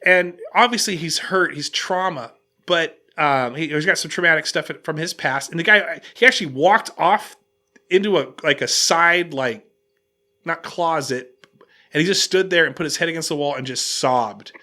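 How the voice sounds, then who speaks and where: A man hosting a casual podcast, telling an animated story and restarting his sentences often. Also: a little high, moderate pace. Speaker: podcast host.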